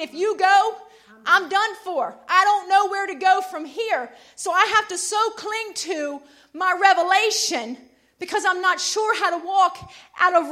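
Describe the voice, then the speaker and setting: A woman preaching a sermon, building from conversational storytelling to loud emphatic declarations. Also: very high voice.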